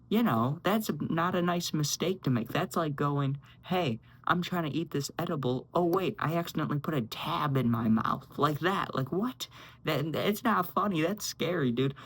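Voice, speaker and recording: A man's voice: medium pitch, rough recording. A young man casually telling a story, rambling and saying "dude" constantly while acting out what others said. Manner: rambling, says "dude" constantly, acts out quotes.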